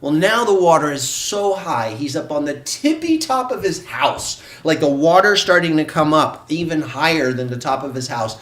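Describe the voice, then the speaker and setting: A man's voice: a little high, lively intonation, moderate pace, few pauses, fairly bright tone, roomy sound, distant mic. Earnest man telling a parable. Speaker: co-host of an online wellness class. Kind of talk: live-stream storytelling.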